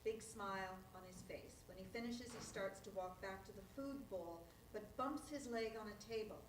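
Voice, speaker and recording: Female reader for the stage directions, steady delivery, roomy sound, mic set well away. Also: mid-range voice, noisy background. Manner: plain, measured reading. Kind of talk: reading stage directions aloud. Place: live reading in a hall. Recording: echoey room, voice far from the mic.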